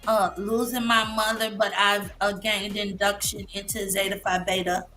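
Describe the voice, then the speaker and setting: Emotional woman with a bright voice. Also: medium pitch, level tone, soft background music. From Massachusetts. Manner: halting, many fillers and restarts. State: emotional, near tears. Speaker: guest speaker, licensed therapist. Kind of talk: emotional personal testimony on a live show.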